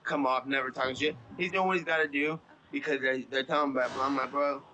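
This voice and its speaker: A man's voice: medium pitch, fairly even intonation, fast talker, pushed and bright, highs cut off, a little hiss or hum. A man in his thirties giving a casual interview, talking in a blunt, profane, rambling way. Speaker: interview guest.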